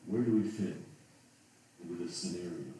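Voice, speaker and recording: Preacher man, deep voice, echoing hall. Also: normal speed, dark tone, a little hiss or hum. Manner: reads King James scripture aloud, then asks pleading rhetorical questions. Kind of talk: sermon. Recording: roomy echo from a distant mic.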